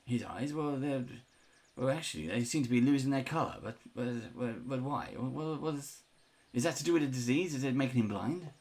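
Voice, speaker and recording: A fussy male asylum doctor, as a game master puts him on, trips over his own words, repeating and restarting as he dodges hard questions. His voice sits at an ordinary middle pitch. He talks like a nervous man protecting his patients in a tabletop game. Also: expressive, fairly quick, a little mellow, natural voice. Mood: flustered. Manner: stammering, defensive, fussy. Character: evasive, flustered male sanatorium doctor.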